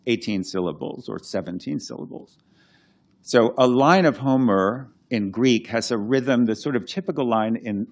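A man's voice: medium pitch, a little mellow. A man, a classics scholar and translator, explaining his work in a conversational lecture, thinking aloud with many restarts and chanting verse rhythms as examples.

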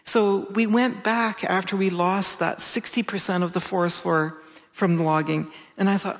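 A woman forest researcher and author answering interview questions with enthusiasm, restarting phrases and jumping up in pitch when excited. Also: normal speed. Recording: long hall reverb.

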